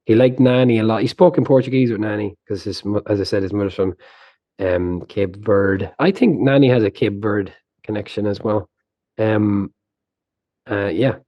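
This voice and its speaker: A man co-hosting a casual podcast, talking in a relaxed, reflective way. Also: lowish voice, moderate pace, no echo, dull audio. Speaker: podcast co-host. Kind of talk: casual chat.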